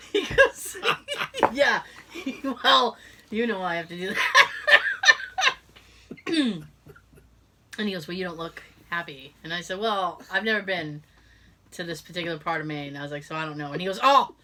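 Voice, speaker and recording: Middle-aged woman, podcast co-host, casual chat, animated storyteller, acts out the people she quotes, swooping intonation, bright ringing tone. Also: fairly low pitch. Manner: animated, acts out quoted voices, laughs often.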